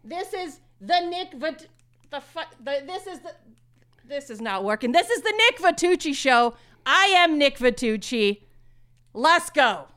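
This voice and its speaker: A woman's voice: high voice, very animated, unhurried, sharp tone, full character voice. A woman doing a comic impression of a brash male poker-show host who rambles in circles, curses, coughs and plugs himself. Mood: rambling. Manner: repetitive, circling, never getting to the point; crude, self-promoting, coughing and clearing throat.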